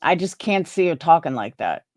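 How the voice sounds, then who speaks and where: A woman's voice: deep voice, big pitch swings, moderate pace, darkish tone, no room sound, studio quality. A woman live streamer chatting casually with her viewers, opinionated and rambling, restarting her sentences.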